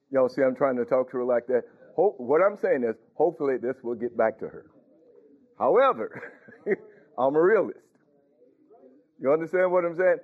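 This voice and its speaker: A man preaching a sermon in a conversational way, often asking the congregation if they follow him. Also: medium pitch. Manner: conversational, questioning the congregation, chuckling. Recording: tinny phone-like recording.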